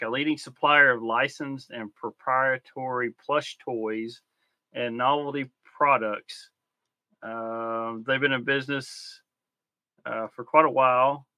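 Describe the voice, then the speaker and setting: Bright-voiced man talking toys casually. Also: medium pitch, no room sound. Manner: relaxed, hesitant, many ums while explaining. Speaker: podcast co-host. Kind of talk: casual podcast chat.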